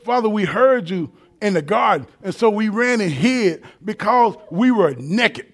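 Male preacher, high voice, animated and colloquial, quiet asides to shouting. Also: measured pace, few pauses. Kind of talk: sermon.

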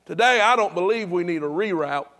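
A man's voice: sits high, animated, brisk, fairly bright tone. A pastor preaching to his congregation in a chatty, repetitive way, with emphatic restarts. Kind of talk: sermon.

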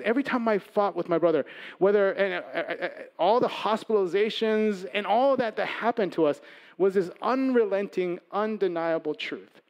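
A man preaching a sermon as pastor, conversational, moving between loud emphasis and soft asides. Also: high voice.

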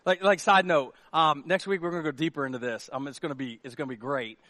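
A middle-aged man preaching a sermon as pastor, animated and jokey, slipping into quick acted asides. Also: a little high, no room sound.

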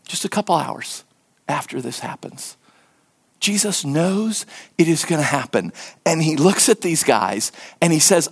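A man preaching a sermon in an earnest, emphatic way, sometimes dropping to a hushed voice and repeating words for stress. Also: a little high, animated, unhurried, gravelly, breathy edge. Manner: repeats words and restarts when stressing a point. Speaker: pastor.

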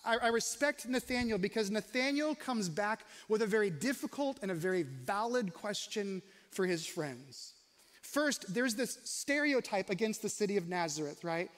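Male pastor, high-pitched, chatty questioning delivery, reverberant hall sound. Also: animated, moderate pace, fairly bright tone. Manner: conversational, questioning, varies pace for emphasis. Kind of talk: sermon.

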